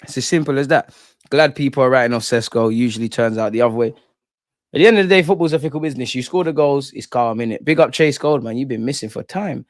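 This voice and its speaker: Man, London accent, young adult, casual stream host, reads chat aloud, slangy, mid pitch, dry close mic. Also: quick pace, no echo. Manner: slangy, animated, reacting to chat comments. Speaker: football fan streamer reading chat.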